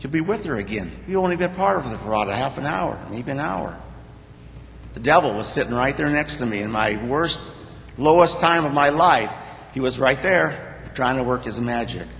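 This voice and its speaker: An older man stands before a church congregation and tells his own story in a plain-spoken, heartfelt way, often pausing and restarting. His voice sits at an ordinary pitch for a man. It rings through the long reverb of a church hall. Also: lively intonation, creaky, a bit bright, a little hiss or hum. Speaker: church member giving a talk to the congregation. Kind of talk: personal testimony.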